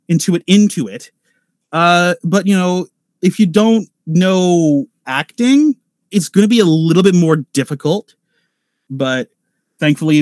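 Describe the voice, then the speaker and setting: A man's voice: fairly high pitch, dry recording, clean studio sound. A man who is a voice actor giving casual advice on a convention panel, rambling with lots of fillers and restarts. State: nervous at first panel.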